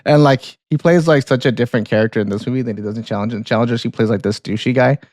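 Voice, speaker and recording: A man's voice: mid-range voice, rapid-fire, darkish tone, dry recording. A man co-hosting a movie podcast, loose and rambling, leaning on "yeah" and "like". His voice sits in an ordinary middle range. The sound is dry and close, with no room around it. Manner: laid-back, rambling, frequent "yeah" and "like". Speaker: podcast co-host. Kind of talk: casual movie podcast chat.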